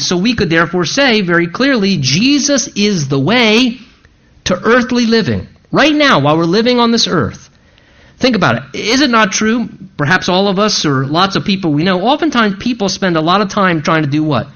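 A pastor preaching a sermon in an earnest, emphatic, conversational way. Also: male voice, sits high, sing-song, moderate pace, a bit bright. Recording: dull lo-fi sound.

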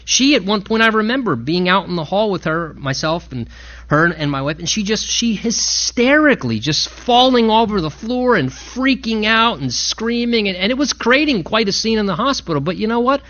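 A man preaching a sermon, impassioned and rising in pitch and volume to stress his points. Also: big pitch swings, moderate pace, a bit bright, dull audio. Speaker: pastor.

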